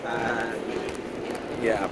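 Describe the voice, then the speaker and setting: Male protester, halting evasive answers, recorded outdoors with traffic. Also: medium pitch, little pitch movement. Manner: hesitant, evasive replies. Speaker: protester approached on street. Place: outdoors on a city street. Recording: street noise outdoors.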